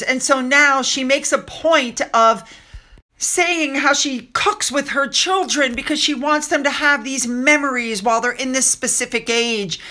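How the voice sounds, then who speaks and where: Bright, sarcastic woman commentator. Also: fairly high pitch. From United States. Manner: sarcastic, opinionated. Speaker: royal gossip commentator. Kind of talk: casual commentary.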